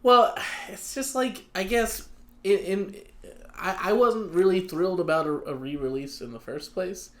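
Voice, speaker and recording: A man co-hosting a podcast in casual chat, halting and restarting his sentences as he gives his opinions. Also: high voice. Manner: hesitant, halting, restarts a lot. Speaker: podcast co-host.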